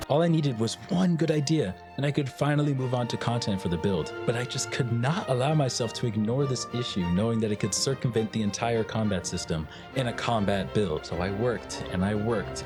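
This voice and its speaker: A young man narrating his game development with a joking, self-mocking manner. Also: on the low side. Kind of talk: scripted devlog narration.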